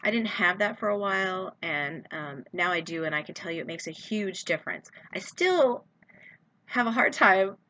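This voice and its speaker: A woman's voice: medium pitch, animated, moderate pace, bright, forceful tone. Chatty woman giving casual sales tips. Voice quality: chatty, lots of fillers and asides. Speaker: direct sales consultant. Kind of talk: casual how-to video.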